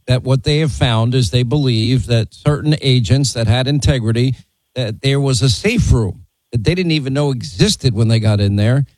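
A man's voice: medium pitch, a little mellow, no echo. A man hosting an interview, speaking in an assertive, pointed way. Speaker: host. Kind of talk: broadcast interview.

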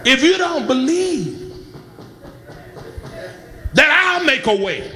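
A middle-aged man preaches a sermon in a high, unhurried voice, drawing the words out before he breaks into shouts and calls on the congregation to answer him. His tone is bright and cutting, and faint music sits underneath. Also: sing-song. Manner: impassioned preaching, building to shouts with congregation call and response. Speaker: pastor.

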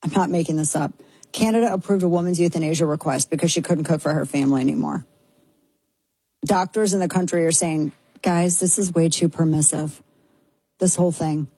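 A woman's voice: low voice, steady tone, a little fast, dark tone, slightly rough, dry recording, rough recording. A woman hosting a talk radio show, delivering an incredulous, sarcastic monologue.

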